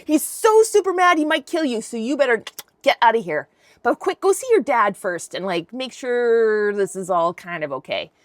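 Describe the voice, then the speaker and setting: A woman playing a worried mother hurrying her son away, urgent and gossipy. The voice climbs high, with a close, dry sound. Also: animated, normal speed, dry recording, natural voice. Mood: alarmed. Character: anxious scheming mother.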